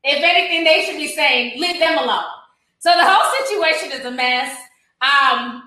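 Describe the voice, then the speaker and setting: A woman doing casual commentary on a viral clip, animated, gossipy and laughing, with plenty of profanity. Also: high voice, normal speed, heavy reverb, rough recording. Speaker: commentary vlogger.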